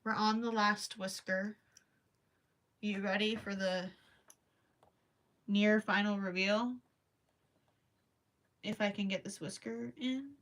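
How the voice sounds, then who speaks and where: A woman's voice: medium pitch, fairly even intonation, takes it slowly, pauses often, a bit bright. A young woman hosting a casual crochet livestream, chatting to viewers, apologizing often and giggling as she thinks aloud.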